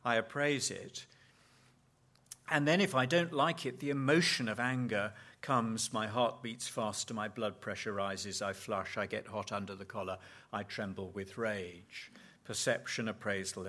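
At a conference, a man with a lowish, somewhat bright voice teaches thoughtfully on Bible passages. He often repeats words while searching for the right phrasing.

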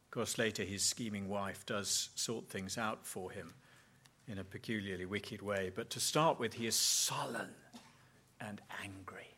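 A man delivers a sermon in a bright, forceful voice. He leans hard on key words, drawing them out slowly, and acts out brief quoted exchanges to drive his point home. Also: fairly low pitch. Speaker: preacher.

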